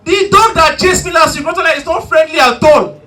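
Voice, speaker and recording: A stand-up comedian, male, performs a set on a live comedy stage with a high, bright voice at a fairly quick clip. His delivery is animated and shouty storytelling broken up by bursts of preaching. The mic sits at a distance in an echoey hall, with faint room noise.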